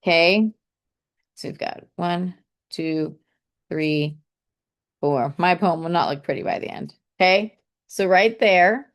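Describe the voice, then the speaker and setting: A woman's voice: lowish voice, takes it slowly, long pauses. A woman teaching a casual online poetry lesson, chatty and thinking aloud, saying "okay" often and tapping out syllables and stresses.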